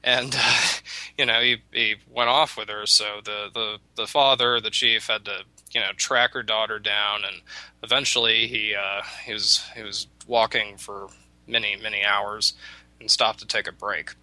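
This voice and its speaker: A man's voice: on the low side, little pitch movement, moderate pace, bright, forceful tone, no echo, poor audio. A man telling a folk tale in casual conversation, hesitant, with frequent restarts and fillers. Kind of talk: casual storytelling chat.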